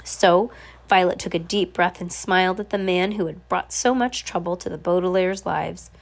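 Woman w a cold reading a book out loud, scratchy throat, casual. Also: lowish voice, moderate pace, vocal fry. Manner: casual, apologetic asides. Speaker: reader. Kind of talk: reading a novel aloud.

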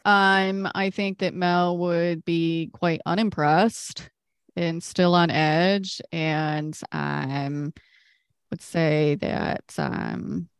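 A woman's voice: on the low side, flat delivery, extremely slow, clear, resonant tone, dry recording. A woman speaking as a player in a tabletop game, thinking aloud hesitantly. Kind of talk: tabletop role-play.

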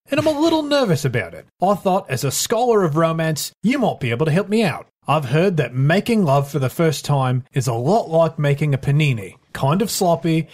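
A man at a tabletop game reading out a letter with deadpan delivery and putting awkward questions. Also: fairly high pitch. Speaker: player.

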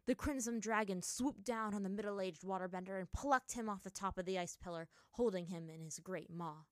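A woman narrating a fantasy story aloud in a steady storytelling manner. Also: medium pitch, normal speed, no echo, clean studio sound. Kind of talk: reading fan fiction aloud.

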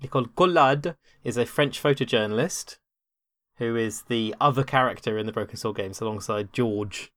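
A man's voice: fairly low pitch, fairly even intonation, moderate pace, no echo, studio quality. A man co-hosting a casual podcast, enthusiastic and rambling, often restarting his sentences. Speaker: podcast co-host.

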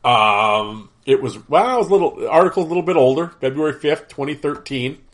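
Brisk and expressive, a slightly high, fairly bright male voice rambles through a casual podcast he hosts on his own. He's stuffed up from allergies, so he sounds nasal, and he keeps using fillers and restarting sentences.

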